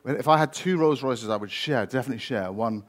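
A preacher voicing a meek farmer in a joke, speaking softly and lower than his own voice. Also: quick pace, close to an everyday voice. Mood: eager agreeing. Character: rural farmer man, agreeable until it costs him.

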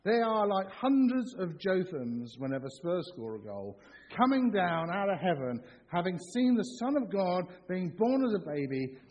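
A middle-aged man preaching a sermon in a church, animated and jokey, acting out excited shouts. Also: high voice, normal speed, a little hiss or hum. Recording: dull sound with long hall reverb.

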